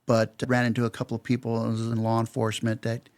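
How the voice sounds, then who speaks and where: A man's voice: medium pitch, completely flat delivery, fast, a little mellow. A man in his fifties from Los Angeles, a guest on an interview podcast. He tells long, rambling anecdotes in a casual way and retells what people said with "I go" and "he goes.". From Los Angeles, California. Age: 50s. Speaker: podcast guest, security company veteran.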